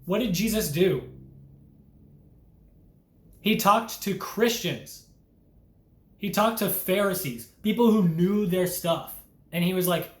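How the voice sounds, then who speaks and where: A man's voice: high-pitched, slow, long pauses, roomy sound. A young man delivering an impassioned, earnest preaching monologue as a Christian vlogger, urgent and full of rhetorical questions.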